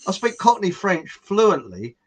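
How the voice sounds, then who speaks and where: A man's voice: sits high, big pitch swings, a little slow, slightly rough. A man hosting a casual chat, reading out viewer comments in a rambling way and chuckling at his own jokes. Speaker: show host. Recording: muffled lo-fi audio.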